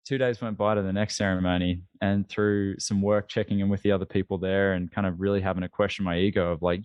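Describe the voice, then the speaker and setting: A man in his thirties recounts his story as a podcast guest, candid and lively, often restarting a phrase. His voice sits low. The sound is dry and close, with no room around it. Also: fast, few pauses, clean tone, dry recording, lo-fi sound. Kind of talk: storytelling interview.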